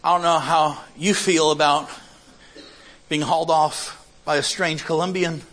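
A man telling a lively, comic testimony story in a sermon, acting out the people in it. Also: on the high side, a little slow, a little hiss or hum, rough recording. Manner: animated, comic storytelling with acted quotes.

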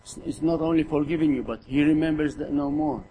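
A man's voice: on the high side, fairly even intonation, fairly quick, mellow, slight background noise, poor audio. A middle-aged man preaching a sermon in an earnest way, often repeating words and putting rhetorical questions to his listeners.

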